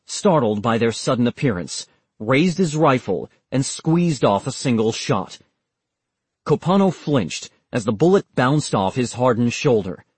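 A man reading an audiobook in a steady, measured narration. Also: mid-range voice, breathy edge, no echo. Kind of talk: scripted narration.

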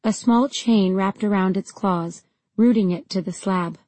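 A woman narrating a fantasy audiobook in the first person, telling the story in a steady, even way. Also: medium pitch, measured pace, dry recording, low-quality recording.

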